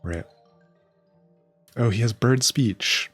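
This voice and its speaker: Guy streaming a game, low voice, blunt casual comments, faint music. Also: normal speed, slightly rough. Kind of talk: let's play commentary.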